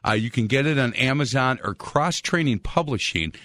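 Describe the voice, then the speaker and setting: A man hosting a sports radio talk show, telling a story in a chatty, lively way. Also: mid-range voice, normal speed, no room sound, clean studio sound.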